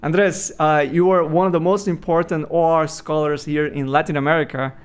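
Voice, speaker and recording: A man's voice: a little high, level tone, normal speed, clean tone. A man hosting an interview who asks friendly questions with frequent fillers. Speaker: podcast interviewer.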